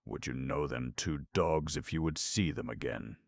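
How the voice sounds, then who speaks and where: A man voicing two handsome young ladies in a folk tale who gently question a weeping man. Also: rumbling low, normal speed, gravelly, no room sound, exaggerated voice. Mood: gentle.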